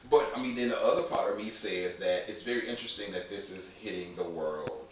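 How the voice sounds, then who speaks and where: Podcast co-host, man, very low voice, rambling and halting, recorded far off in a very echoey room. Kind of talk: casual chat. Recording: echoey room, mic far off, faint noise.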